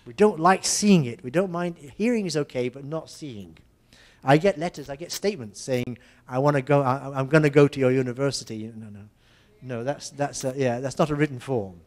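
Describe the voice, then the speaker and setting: Older man giving a lively lecture. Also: medium pitch, moderate pace. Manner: lively, demonstrative, tells humorous anecdotes. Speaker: English language lecturer. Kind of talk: seminar lecture.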